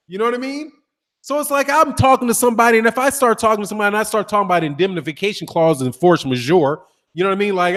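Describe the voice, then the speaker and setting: A man's voice: high voice, fast, long reverb tail. A man hosting a boxing talk show, chatting casually and telling stories with frequent laughter and swearing. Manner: animated storytelling, laughs often, swears casually. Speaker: boxing channel host. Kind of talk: casual livestream chat reading comments.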